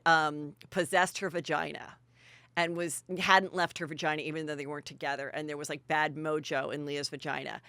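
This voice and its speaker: A woman's voice: low voice, sharp tone, smooth, dry recording. A woman podcast host giving a chatty, bawdy gossip recap on a close studio mic.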